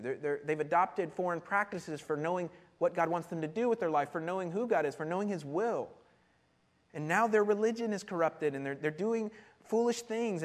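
A man preaching a sermon and teaching from scripture, animated, laughing often and repeating words as he goes. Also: a little high. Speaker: pastor.

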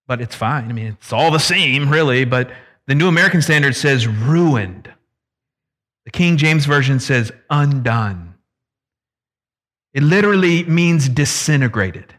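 A man preaching an expository sermon, swinging from loud emphasis to hushed low drops, with casual asides mixed into the teaching. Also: expressive, a little slow, long pauses. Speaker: pastor.

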